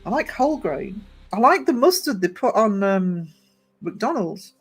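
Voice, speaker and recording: A man with a high voice streaming live from the gym, chatty and teasing as he greets his viewers one by one. He sounds a bit worn out, laughs easily, and faint music plays behind him. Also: sing-song, unhurried, a bit bright, breathy edge. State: low on energy. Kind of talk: casual live-stream chat reading out viewer comments.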